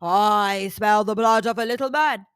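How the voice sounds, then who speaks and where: A woman voicing a huge greedy male giant who bellows slowly and loudly in a children's storybook reading. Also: smooth, no echo, studio quality, natural voice. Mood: booming. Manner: booming, slow and loud.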